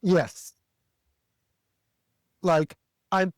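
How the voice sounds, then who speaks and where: A man from the American South telling a story as a podcast co-host, animated and profane, jumping higher when he quotes himself. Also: moderate pace, no room sound, clean studio sound. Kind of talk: casual storytelling rant.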